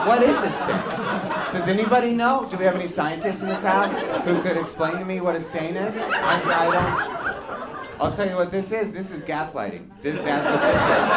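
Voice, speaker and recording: Male stand-up, exasperated ranter, live club with heavy crowd noise. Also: high-pitched. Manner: exasperated, ranting. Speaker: stand-up comedian. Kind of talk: stand-up routine.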